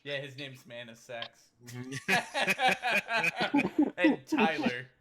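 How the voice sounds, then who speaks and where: A man's voice: on the high side, sing-song, extremely slow. A man chatting casually in joking, teasing banter, sometimes tired. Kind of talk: casual chat. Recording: crowd noise in background.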